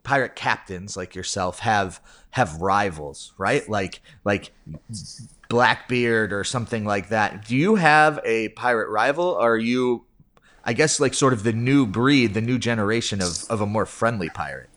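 Low-ish guy hosting a podcast, goofy and rambly, laughs at stuff. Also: measured pace, fairly bright tone. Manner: playful, laughs often, rambling questions. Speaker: podcast host. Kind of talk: casual interview.

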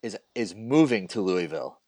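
A man's voice: fairly low pitch, expressive, moderate pace, dark tone, no room sound. Man, podcast host, upbeat, casual, dry close mic. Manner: upbeat, encouraging. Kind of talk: casual interview chat.

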